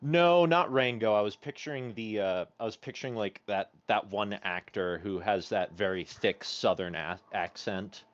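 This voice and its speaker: A man's voice: lowish voice, normal speed, hardly any pauses, no room sound, dull audio. A man playing a tabletop game, chatting casually and often searching for words. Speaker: player.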